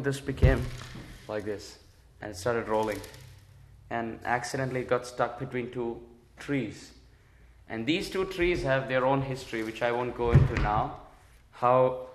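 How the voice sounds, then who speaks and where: A man teaching a religious class, retelling sacred stories and explaining their meaning with lively quoted lines. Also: medium pitch. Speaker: spiritual teacher. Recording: echoey room.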